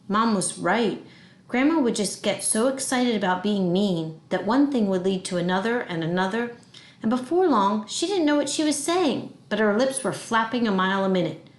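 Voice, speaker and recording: A woman reads a children's chapter book aloud with lively, expressive storytelling. Her voice sits at a middle pitch. The recording has an echoey room sound. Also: normal speed. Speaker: audiobook reader. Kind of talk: reading a children's novel aloud.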